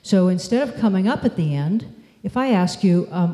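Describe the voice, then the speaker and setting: A woman gives a measured, story-driven talk from a stage. Her voice is dark and mellow, and it carries through a reverberant hall. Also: medium pitch, animated. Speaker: speaker. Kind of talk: conference talk. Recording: echoey hall.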